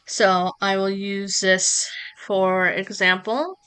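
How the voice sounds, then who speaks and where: A woman streamer explains her setup in an unhurried, casual live tutorial, chatting with asides to her viewers. Her voice is bright and crisp, recorded close on a streaming mic. She takes her time over every step. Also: medium pitch, little pitch movement. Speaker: streamer teaching streaming software. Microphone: streaming microphone close up.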